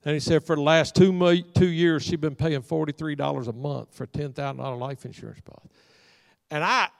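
A middle-aged man preaching in a church sanctuary. His voice sits high, and he tells homey stories while slipping into the voices of the people in them. The mic is close and dry, but a long reverb from the hall trails after his words. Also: fairly quick, vocal fry. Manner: folksy storyteller acting out dialogue. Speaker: pastor. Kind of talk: storytelling sermon.

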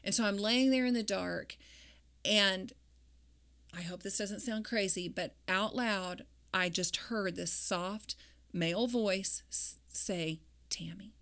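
A mother talking about faith and grief in an interview, speaking reflectively and haltingly with many fillers. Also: medium pitch, fairly bright tone. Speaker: guest; grieving mother.

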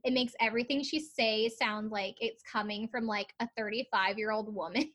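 A woman's voice: on the high side, fairly even intonation, normal speed, fairly bright tone. A woman chatting casually on a podcast, recapping a TV episode with lots of laughs and fillers. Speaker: podcast co-host. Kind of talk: casual chat recapping a TV show.

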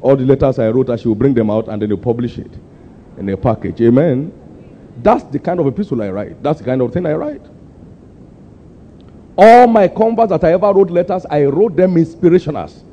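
An older man preaching a sermon, pushing his people for answers and climbing to sudden high, emphatic peaks. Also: animated, a little fast, a little hiss or hum. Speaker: pastor. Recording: muffled lo-fi sermon recording.

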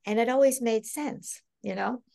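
A middle-aged woman talking as a psychic medium guest in a casual podcast interview, animated and laughing often as she acts out quoted voices. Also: on the high side, moderate pace, gravelly.

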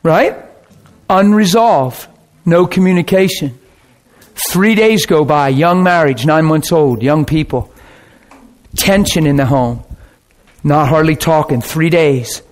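A man's voice: a little high, slow, pauses often. A man preaching a sermon, telling a story with sound effects and asking his listeners questions. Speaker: pastor.

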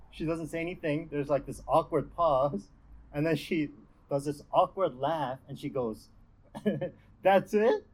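A man's voice: medium pitch, low-quality recording. A young man giving a casual devotional talk as a campus ministry speaker, chatty and full of fillers and restarts. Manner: conversational, lots of fillers and restarts.

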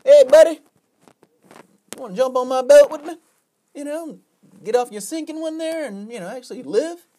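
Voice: high-pitched, normal speed, mellow, pitched above the performer's own voice, natural voice. A storyteller doing a friendly boater. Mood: coaxing. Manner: friendly, coaxing. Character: helpful male boater offering a ride.

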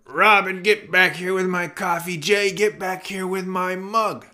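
A man's voice: high-pitched, fairly even intonation, a little slow, sharp tone, pitched above the performer's own voice. A man playing a weary, flustered father in a children's story, his voice pushed up in exasperation. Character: weary adult father, flustered but indulgent.

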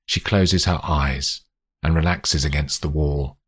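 A man narrating an audiobook in a measured, expressive way. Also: extremely low pitch, breathy edge. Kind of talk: scripted narration.

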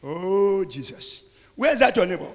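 A man leading a fiery sermon and prayer, alternating shouted prayer with quieter speech. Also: high-pitched, big pitch swings, moderate pace. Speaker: pastor. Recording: long hall reverb.

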